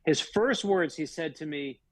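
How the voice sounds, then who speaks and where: In a radio interview, a guest author with a fairly high voice tells personal stories at a measured pace, animatedly acting out their dialogue. The recording quality is low.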